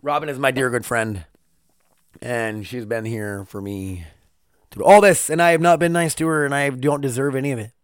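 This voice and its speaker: A man's voice: mid-range voice, moderate pace, clear, resonant tone, no echo, clean studio sound. A man hosting his own podcast, rambling and swearing in a confessional solo monologue at home. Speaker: podcast host. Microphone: single podcast mic.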